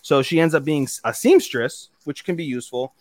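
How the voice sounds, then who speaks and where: On a podcast, a young male co-host with a slightly high voice casually recaps an anime episode, rambling and swearing. He briefly acts out character lines in quick voices. The sound is clean studio quality with no room sound.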